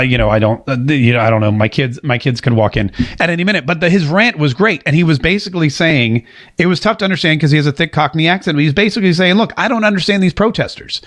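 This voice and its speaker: A man's voice: a little high, a bit bright. A man from the United States hosting a political talk show, joking and sarcastic as he reads viewer comments. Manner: sarcastic, joking, quick asides.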